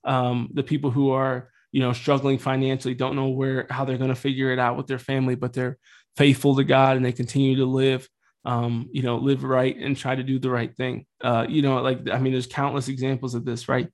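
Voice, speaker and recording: A man's voice: mid-range voice, completely flat delivery, brisk. A man in his thirties hosting a Catholic podcast, talking about faith and suffering in a casual, earnest, rambling way with light swearing.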